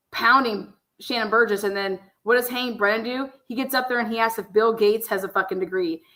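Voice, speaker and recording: A woman's voice: medium pitch, sharp tone, reverberant, rough recording. A woman giving blunt, angry, profanity-heavy commentary on a livestream, swearing constantly as she rants.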